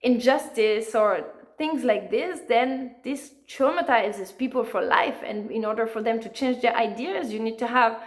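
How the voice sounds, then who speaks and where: Earnest, slightly high-voiced woman. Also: measured pace. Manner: earnest, animated, frequent fillers. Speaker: author and interview guest. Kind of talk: conversational storytelling.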